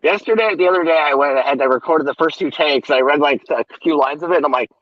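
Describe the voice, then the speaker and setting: A man's voice: fairly high pitch, quick pace. A man, an author, chatting casually in a loose, self-mocking, profane way. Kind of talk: casual chat. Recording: dull lo-fi audio.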